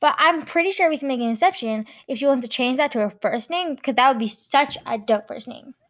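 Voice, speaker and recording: A woman's voice: high-pitched, lively intonation, fairly quick. A woman playing a rambling, silly charity founder in an improvised comedy sketch, dragging out her words.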